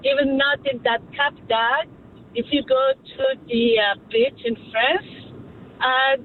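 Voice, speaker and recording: Hesitant caller with an accent, on a phone line. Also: female voice, sits high, fairly even intonation. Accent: non-native English. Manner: hesitant, many pauses and filler sounds. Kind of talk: phone-in chat. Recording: tinny phone line with faint vehicle noise.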